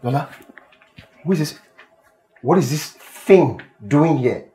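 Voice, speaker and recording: A man's voice: a little high, animated, slow, warm tone. An actor playing an arrogant, scornful husband and father with a Nigerian accent, mocking and contemptuous.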